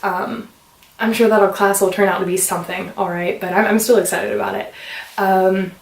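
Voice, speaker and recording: A young American woman chatting fast in a casual vlog, rambling with lots of fillers. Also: medium pitch, steady tone, far from the mic. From United States. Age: young adult. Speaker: vlogger. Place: room at home. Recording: roomy sound from away from the mic.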